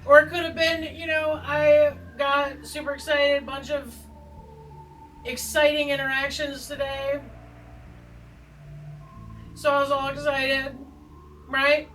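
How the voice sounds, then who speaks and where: A woman's voice: sits high, flat delivery, slow, long pauses, fairly bright tone, far from the mic, rough recording. A woman hosting a tarot video, chatting in a rambling, joking, self-deprecating way with plenty of asides. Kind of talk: rambling casual chat. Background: faint background music.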